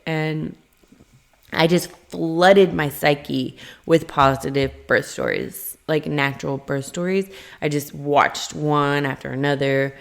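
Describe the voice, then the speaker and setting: A young adult woman casually telling a personal story to camera, chatty and animated, acting out quoted lines in a higher voice. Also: slow, vocal fry. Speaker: vlogger.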